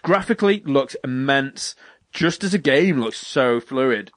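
Animated swearing man, gaming chat. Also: medium pitch, unhurried, no echo. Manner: animated, swears freely, acts out quotes.

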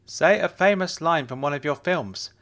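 A man voicing a pushy young male fan who speaks in a slow, deliberate, demanding way. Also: on the high side, lively intonation, a bit bright, pitched above the performer's own voice.

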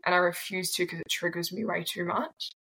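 Blunt Australian woman in her twenties; low, gravelly delivery with a casual, swearing edge. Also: fairly even intonation, fairly quick, bright, forceful tone, poor audio. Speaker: guest. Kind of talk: candid personal storytelling.

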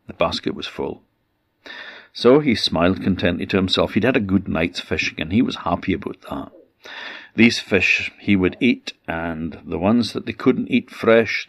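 A man with an Orkney accent telling a folk tale in a measured, repetitive way, with dramatic pauses. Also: low-pitched, no echo, studio quality. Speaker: storyteller.

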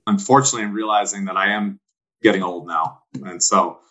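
A middle-aged man in relaxed conversation, earnest and reflective as he speaks. His voice sits on the low side for a man and has a bright, forceful edge. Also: brisk, rough recording. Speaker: guest. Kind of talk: casual chat.

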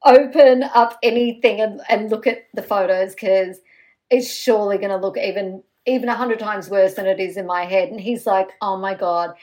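A woman guest talking in a relaxed chat. She tells her stories in an animated way, with fillers and bursts of laughter. Her voice sits in the middle range. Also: medium pitch, normal speed, low-quality recording. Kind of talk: casual chat.

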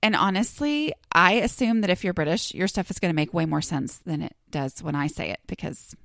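A woman's voice: fairly low pitch, expressive, fairly quick, creaky, a bit bright, no room sound. Chatty woman podcasting, dry close sound. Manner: chatty, rambling, self-deprecating with many fillers. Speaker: podcast host. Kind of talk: casual solo podcast talk.

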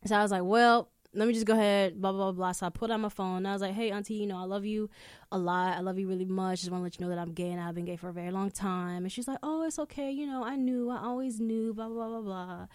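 A young adult woman hosting a podcast, telling stories in casual chat, animated and swearing freely. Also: mid-range voice, fast, clear, resonant tone, no echo, studio quality. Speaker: podcast host. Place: indoor room.

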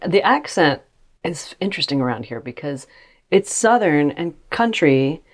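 A low-voiced woman co-hosts a podcast in relaxed chat. She chimes in with asides and speaks with no regional accent. Recorded on a portable mic in a closet. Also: unhurried. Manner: easygoing, chiming in with asides. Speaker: podcast co-host. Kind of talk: casual chat. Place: closet in a cottage.

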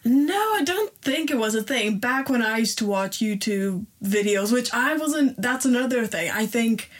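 A woman's voice: fairly high pitch, animated, normal speed. A young adult woman, a guest in a casual chat, talking with lots of "like" and laughing often, recorded in a small studio. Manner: chatty, heavy use of "like", laughs often.

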